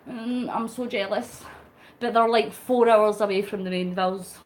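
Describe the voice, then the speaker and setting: A woman's voice: mid-range voice, steady tone, moderate pace, a little hiss or hum. A middle-aged woman, chatting casually on a live stream while cycling, laughing often and answering her chat. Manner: chatty, laughs often, reads out viewer comments; talks while pedalling on a bike.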